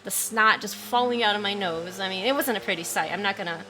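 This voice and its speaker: A woman's voice: mid-range voice, quick pace, sharp tone. A woman livestreaming from home, casually telling a story and stopping to read and answer chat messages, often apologizing. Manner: chatty, apologetic, reads chat aloud. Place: at home by a window.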